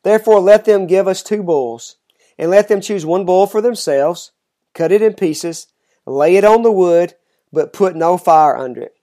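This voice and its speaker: Fierce, defiant prophet, declaiming and climbing to loud mocking cries, as a reader puts him on. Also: medium pitch, lively intonation, moderate pace, natural voice. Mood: commanding. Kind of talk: scripture reading aloud.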